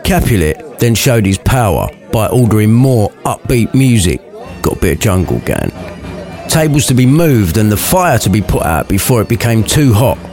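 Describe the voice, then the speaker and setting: A man's voice: lowish voice, big pitch swings, moderate pace, a little mellow, faint music behind, some chatter behind. Cheeky man telling a rude story. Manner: crude, cheeky asides. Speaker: narrator. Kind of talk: comic storytelling.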